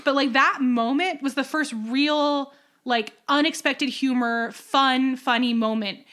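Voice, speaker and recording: Brief: young woman podcast co-host, high voice, animated ranting chat. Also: a little slow.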